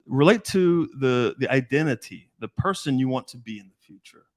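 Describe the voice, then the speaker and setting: A middle-aged man with a voice of ordinary pitch, a dating coach in a relaxed chat. He talks bluntly and swears a lot. He breaks into short impressions of the people he describes. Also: moderate pace. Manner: blunt, profane, acts out quoted voices. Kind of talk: casual podcast chat.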